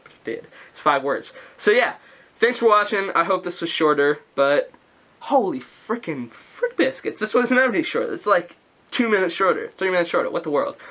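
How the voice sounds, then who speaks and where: A man's voice: on the high side, pushed and bright. A young man rambling in a casual vlog, goofy and self-mocking, full of slang. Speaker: vlogger. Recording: dull lo-fi recording.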